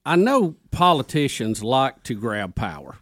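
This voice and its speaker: A man's voice: medium pitch, sing-song, unhurried, no room sound, clean studio sound. A man co-hosting a talk radio show, giving his opinions in an exasperated, casual way.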